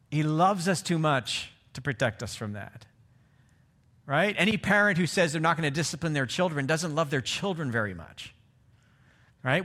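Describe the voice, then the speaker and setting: A middle-aged man preaching a sermon in a relaxed, conversational way, often checking in with his listeners. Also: fairly high pitch, moderate pace. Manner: conversational, asks the audience "right?". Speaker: pastor.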